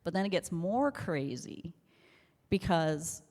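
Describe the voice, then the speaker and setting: A woman with a fairly low voice tells her testimony with animated energy. She acts out the people in her story and laughs often. Her voice rings with long reverb from a church hall. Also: slow pace. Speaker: church member giving testimony. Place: church sanctuary.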